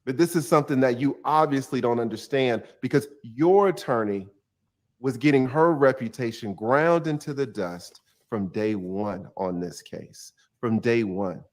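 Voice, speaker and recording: A man's voice: mid-range voice, unhurried. A man, a retired defense attorney, giving joking legal commentary with laughing, playful asides.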